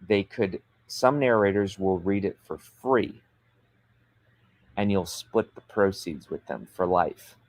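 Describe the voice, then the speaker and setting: A man hosting a livestream, giving business advice in an energetic, emphatic and persuasive coaching manner. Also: lowish voice, dry recording. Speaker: author coach and show host.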